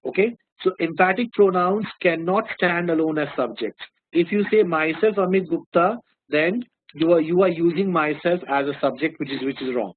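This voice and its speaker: Indian English male teacher, high and husky, patient and repetitive, dry phone-like sound. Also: normal speed, a little hiss or hum. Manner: explains patiently, repeating key terms and checking in with students. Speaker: grammar teacher. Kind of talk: classroom-style lesson.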